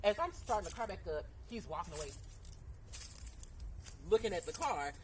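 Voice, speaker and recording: A woman vlogger telling a story in a casual, animated and profane way, sitting outdoors. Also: mid-range voice, normal speed, slight background noise. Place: outdoors in sunlight.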